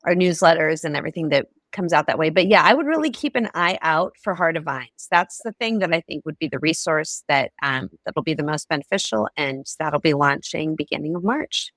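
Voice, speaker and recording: A middle-aged woman with a fairly low voice talks as a guest on a podcast. She is earnest and encouraging. The recording is close and dry. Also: animated, brisk, hardly any pauses, fairly bright tone, dry recording. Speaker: podcast guest, ministry founder. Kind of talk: casual interview chat.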